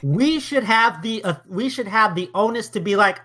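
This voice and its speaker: A man's voice: high-pitched, expressive, moderate pace, sharp tone. A man co-hosting a podcast, arguing his point emphatically, swearing often and tripping over his words as he starts. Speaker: podcast co-host. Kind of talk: casual podcast argument.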